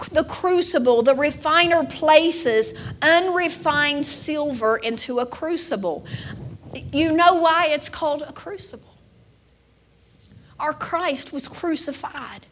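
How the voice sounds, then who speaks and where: A middle-aged woman preaching a sermon, emotional and building to emphatic, drawn-out declarations. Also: high voice, fairly bright tone, a little hiss or hum.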